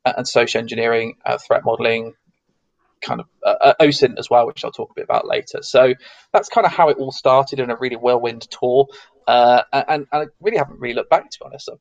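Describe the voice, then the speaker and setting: A man's voice: medium pitch, fast, gravelly, dry recording, muffled recording. A man from the south of England with a neutral English accent, chatting as an interview guest and rambling with many restarts. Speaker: guest, security consultant. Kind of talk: casual interview chat.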